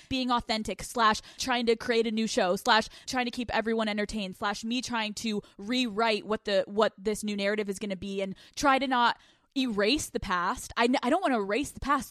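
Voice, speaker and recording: Woman, young adult, podcast host, casual profane chat, higher voice, dry sound. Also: dry recording. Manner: animated, profane, storytelling. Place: couch at home.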